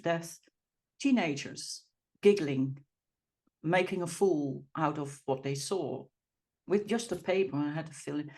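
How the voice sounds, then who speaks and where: A woman with a Dutch accent, hosting an interview podcast and talking in a chatty way with some halting restarts. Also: lowish voice, darkish tone. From Netherlands. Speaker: podcast host.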